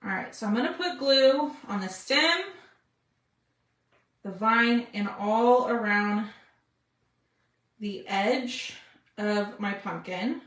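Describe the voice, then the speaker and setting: A woman's voice: mid-range voice, slow, pauses often, fairly bright tone, reverberant. A woman hosting a live craft stream, chatting with viewers as she works. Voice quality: chatty, talks to viewers with "y'all". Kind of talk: casual live craft demo.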